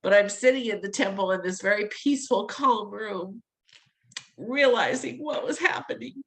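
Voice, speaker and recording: A woman's voice: mid-range voice, normal speed, low-quality recording. A middle-aged woman telling a personal story in an interview, acting out the voices she quotes and laughing between lines. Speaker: interview guest.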